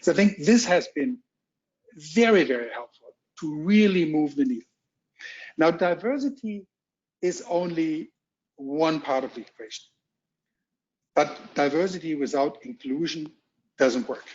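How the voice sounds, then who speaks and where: A middle-aged man from Germany with a strong German accent, giving a keynote at a virtual roundtable in a halting, measured way with many ums, heard over muffled video call audio. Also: on the high side, lively intonation, a little mellow. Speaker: corporate executive keynote speaker. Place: home or office on a video call. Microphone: video call mic.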